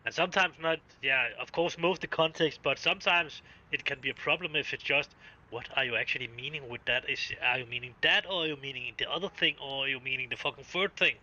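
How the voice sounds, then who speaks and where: A man's voice: medium pitch, brisk, sharp tone, lo-fi sound. A male game streamer with a Danish accent, a native Danish speaker chatting casually on a live stream, swearing freely and often stopping to restart his sentences.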